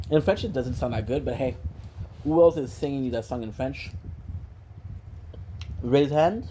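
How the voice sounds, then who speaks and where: A man's voice: mid-range voice, unhurried, long pauses, mellow, a little hiss or hum, poor audio. A man rambling playfully in a casual monologue, joking and drifting between topics and dropping in stray French and Spanish phrases. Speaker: gaming streamer.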